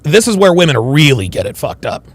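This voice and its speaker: A man's voice: a little high, big pitch swings, brisk, husky. A man hosting a reaction commentary, slangy and swearing, talking over a clip.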